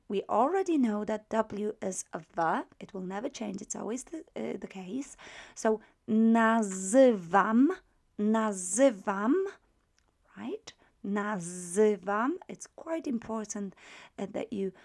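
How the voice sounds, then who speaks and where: A woman's voice: medium pitch, creaky. A woman teaching a language lesson, patiently explaining and modeling pronunciation step by step.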